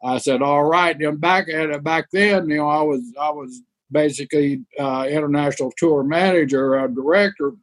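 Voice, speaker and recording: A man's voice: on the high side, moderate pace, hardly any pauses, no room sound. Profane, rambling male storyteller, dry sound. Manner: rambling, profane, laughs while telling. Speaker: former wrestling tour manager. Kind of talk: anecdotal storytelling.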